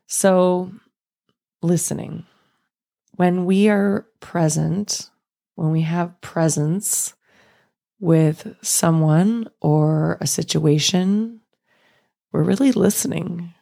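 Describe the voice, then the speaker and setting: A woman in her thirties talks through a reflective solo podcast in a low, gently gravelly voice. She speaks slowly and thoughtfully, easing into soft laughs. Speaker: podcast host.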